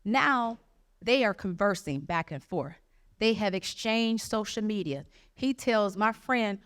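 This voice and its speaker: A woman's voice: mid-range voice, expressive, unhurried, a bit bright, smooth. A woman stand-up comedian from Michigan telling a brash, profane story and acting out the quotes along the way. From Jackson, Michigan, USA.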